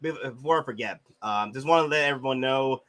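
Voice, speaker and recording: A man with a cold hosting a casual livestream. He talks in a mellow, subdued way and often stumbles and restarts his sentences. His voice sits at an ordinary middle pitch. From Houston. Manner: mellow, halting, many restarts. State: has a cold. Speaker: livestream host.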